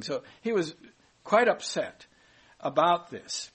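A man's voice: a little high, lively intonation, slow, slightly rough. A man giving a conversational Bible teaching, chatty and informal, correcting himself aloud as he goes.

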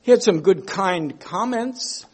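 Male preacher, husky, unhurried sermon delivery with emphatic repetition. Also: high-pitched, lively intonation. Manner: slow, emphatic, repeats key phrases.

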